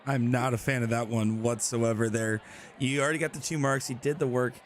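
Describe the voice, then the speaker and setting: A male pundit weighing up darts tactics in a blunt, analytical way. His pitch sits in the middle, with faint noise behind him. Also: steady tone, brisk. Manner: frank, analytical. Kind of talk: live sports commentary.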